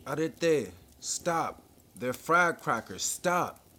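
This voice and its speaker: A man reading aloud, voicing an authoritative male police chief inspector who shouts orders to a panicking crowd. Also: on the high side, expressive, slow, voice pushed up, heavily acted. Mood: commanding shouts.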